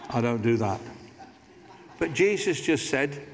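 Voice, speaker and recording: Lively pastor preaching in a reverberant hall. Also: male voice, mid-range voice, moderate pace, vocal fry. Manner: conversational preaching with asides and humor. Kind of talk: sermon. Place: large church.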